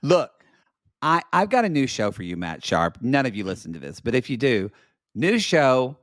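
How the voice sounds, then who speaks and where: A man co-hosting a podcast, retelling reality show scenes in quick, enthusiastic casual banter. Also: mid-range voice, sing-song, a bit bright, dry recording, clean studio sound. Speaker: podcast co-host.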